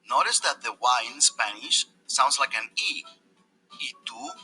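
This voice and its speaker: A man doing Professor Marshmallow, zany and bright. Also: medium pitch, huge pitch swings, unhurried, husky, soft background music, heavily acted. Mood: teaching. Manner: exaggerated, sing-song, repetitive drills. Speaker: video teacher character. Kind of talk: kids' educational video.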